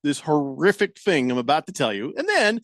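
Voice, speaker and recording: A man's voice: on the high side, very animated, fairly quick, a bit bright, no room sound, clean studio sound. A man hosting a radio show, joking and reading listener comments aloud in casual banter.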